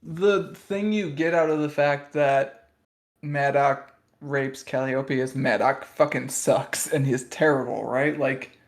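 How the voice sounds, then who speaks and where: A man co-hosting a casual podcast discussion, blunt and profane, talking in quick bursts full of "like". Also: medium pitch. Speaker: podcast co-host.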